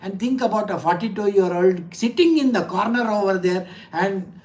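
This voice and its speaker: A woman's voice: mid-range voice, moderate pace, darkish tone. An older woman, giving a scripture class in a chatty way, asking rhetorical questions and laughing at her own stories. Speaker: spiritual teacher.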